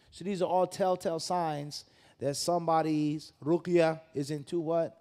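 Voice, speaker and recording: A man delivers a mosque lecture in a notably high voice. He is animated and rhetorical, peppering the talk with questions and mocking asides. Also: moderate pace. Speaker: mufti giving a mosque lesson. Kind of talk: sermon-style lecture.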